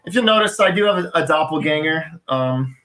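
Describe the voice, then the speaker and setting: A man's voice: fairly high pitch, lively intonation, a little fast, bright, forceful tone. A man from an acoustic duo telling a joking, self-mocking story between songs, with guitar behind him.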